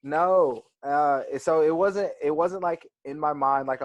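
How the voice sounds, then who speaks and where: A man's voice: a little high, slow pace, dry recording. Man telling a story with lots of "like"s. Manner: animated, filler-heavy storytelling with many "like"s. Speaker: interview guest, former college wrestler. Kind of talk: casual storytelling on a video call.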